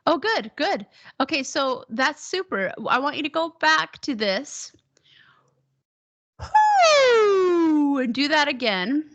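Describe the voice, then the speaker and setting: A woman teaching a one-on-one singing lesson, encouraging her student and demonstrating high whoops. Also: expressive, measured pace, fairly bright tone, muffled recording.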